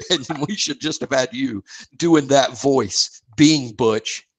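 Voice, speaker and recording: Wry podcast host. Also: male voice, medium pitch, slow. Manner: dry, wry, self-deprecating. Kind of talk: casual chat.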